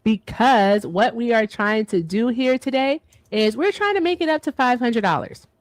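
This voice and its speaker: A woman's voice: on the high side, animated, normal speed, dry recording. A woman in her thirties hosting a casual livestream, playful and chatty, thanking donors. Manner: playful, chatty, reads donor shout-outs. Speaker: livestream host.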